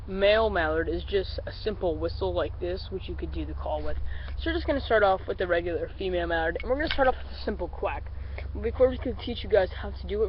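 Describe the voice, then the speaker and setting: A man who is a little sick, explaining duck calls in a relaxed, rambling tutorial and calling the viewers guys. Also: high-pitched. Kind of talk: casual tutorial. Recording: slightly dull lo-fi recording with faint vehicle noise.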